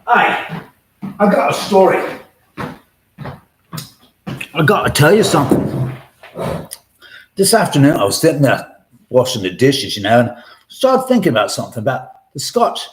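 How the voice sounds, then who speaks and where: A man's voice: fairly high pitch, big pitch swings, normal speed, long pauses, slight background noise. Rambling profane man, echoey room. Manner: rambling, profane, restarts often. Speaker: live stream host. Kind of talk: casual storytelling on a live stream. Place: his own home. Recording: roomy echo.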